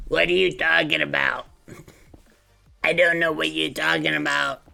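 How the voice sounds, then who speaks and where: A man's voice: on the high side, level tone, moderate pace, creaky, long pauses, sharp tone, faint music behind. A man streaming a building game, chatting casually and playfully with his viewers, humming as he thinks. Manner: musing, playful, hums a lot.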